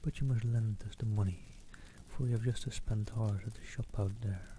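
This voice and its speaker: A man reading aloud, softly voicing a giddy, boastful teenage girl. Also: lowish voice, steady tone, moderate pace, a little hiss or hum, lightly acted. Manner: soft, hushed reading voice.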